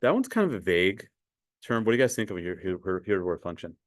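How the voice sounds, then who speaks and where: A man's voice: low voice, very animated, quick pace, no room sound, clean studio sound. A man teaching a math class in a conversational way, asking students questions and often repeating words. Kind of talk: classroom lecture.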